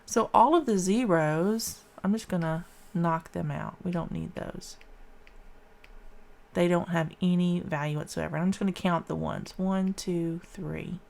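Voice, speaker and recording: On the low side, a little slow, gravelly and darkish in tone, a woman's voice walks a class through a math calculation. The teacher keeps it casual, counting aloud informally step by step.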